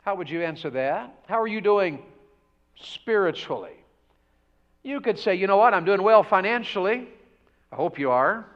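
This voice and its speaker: High-voiced preacher. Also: male voice. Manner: folksy, rhetorical questions to congregation. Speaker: pastor. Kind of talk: revival sermon. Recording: dull lo-fi church audio.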